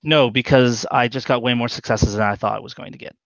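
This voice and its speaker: A man at a mid pitch runs a tabletop role-playing game, working through the rules with lots of pauses and fillers. The sound is dry, close and a little muffled. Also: vocal fry, dry recording. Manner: halting, explains rules with many fillers. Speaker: game master.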